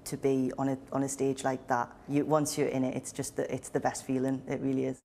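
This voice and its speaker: Geordie woman, flat chatty voice. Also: extremely low pitch, a little fast, creaky. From Newcastle, England. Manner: chatty, lots of ums, laughing. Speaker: actor. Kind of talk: interview.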